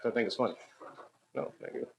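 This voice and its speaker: A man's voice: fast, dull audio, noisy background. A man, a stand-up comedian, chatting casually and laughing with fans after a show. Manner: laughing, loose and joking. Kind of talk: casual banter with audience.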